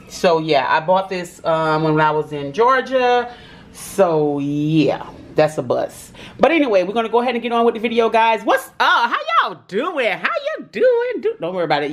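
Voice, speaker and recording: A woman talking casually to her viewers as she cooks in a home kitchen, chatty and quick to laugh. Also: medium pitch. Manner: chatty, laughs often, talks straight to viewers. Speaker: cooking vlogger. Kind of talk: casual cooking chat to viewers.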